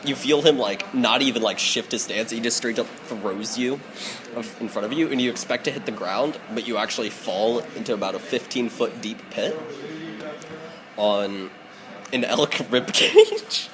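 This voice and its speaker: A man in a middle pitch runs a tabletop game as game master, with loose, casual narration broken by frequent laughs. Crowd chatter carries behind him. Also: moderate pace.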